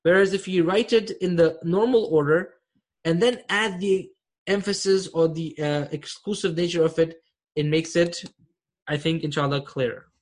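A man's voice: a little high, normal speed. A man teaching an online Arabic grammar class, explaining patiently and often checking that students follow.

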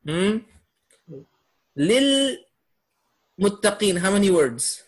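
A man's voice: on the high side, expressive, measured pace. A man teaching a class on Quranic Arabic, quizzing his students and laughing often. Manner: asks students questions, upbeat with laughs. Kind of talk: classroom lesson.

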